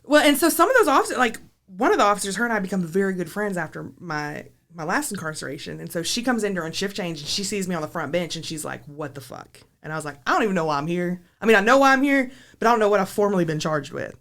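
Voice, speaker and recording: A woman's voice: medium pitch, expressive, quick pace, a bit bright. A woman, a podcast guest telling a wild story in a blunt, profane, laughing way. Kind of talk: casual storytelling.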